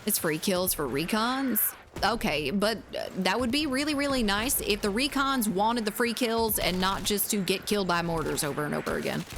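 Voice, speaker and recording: Southern woman streamer with a lively pitch. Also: normal speed, a little hiss or hum. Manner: rambling and hesitant, with frequent fillers and casual swearing. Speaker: game streamer. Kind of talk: casual live-stream chat.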